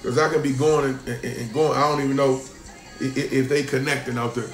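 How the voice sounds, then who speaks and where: A man preaching as a pastor, emphatic, repeating lines for stress and swinging between loud bursts and hushed asides. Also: medium pitch, level tone, fairly quick, echoey room, faint music behind. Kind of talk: sermon.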